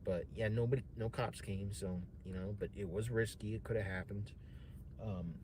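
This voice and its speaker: A man's voice: lowish voice, a little hiss or hum. A young man telling a personal story in a casual, rambling way, swearing often and full of fillers and restarts. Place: home streaming setup.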